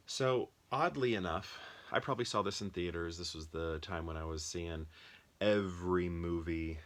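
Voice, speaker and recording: Low-voiced american guy rambling about movies, lots of ums, kinda sharp edge to his voice. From United States. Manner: chatty, thinks aloud with many ums and restarts. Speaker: movie collector vlogger. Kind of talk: casual rambling commentary.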